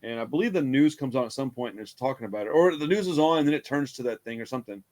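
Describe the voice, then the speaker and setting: A man with a mid-range, darkish voice talks fast and expressively as a podcast co-host reviewing a horror film. He retells the movie casually and ramblingly, laughing a lot and swearing freely in profane chat.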